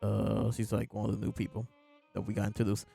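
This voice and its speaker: Over soft background music, a man with a lowish, creaky, dark voice and a breathy edge discusses a manga chapter on his podcast. His delivery is completely flat and fairly quick, yet the chat is relaxed and rambling, with lots of fillers and laughs.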